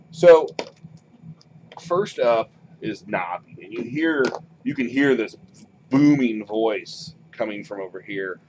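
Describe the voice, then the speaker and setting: Male game master, lowish voice, animated narration, lo-fi noisy recording. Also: unhurried. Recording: muffled lo-fi recording, background noise.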